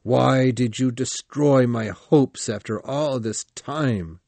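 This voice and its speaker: Guy putting on a vengeful storybook monster, slow menacing talk, bitter, dry sound. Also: medium pitch, gravelly, mellow, no room sound. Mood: accusing.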